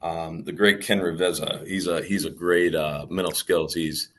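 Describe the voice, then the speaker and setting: A man's voice: low voice, steady tone, normal speed, slight background noise. A man talking casually as an interview guest, rambling through stories with lots of fillers. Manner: rambling, storytelling, many fillers. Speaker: professional baseball player, guest.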